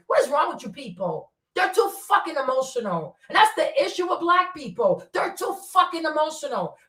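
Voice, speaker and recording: Woman, blunt profane commentary, rapid rhetorical questions, echoey distant sound. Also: high voice, big pitch swings, a bit bright. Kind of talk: impassioned commentary. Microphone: streaming setup. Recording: roomy sound from away from the mic.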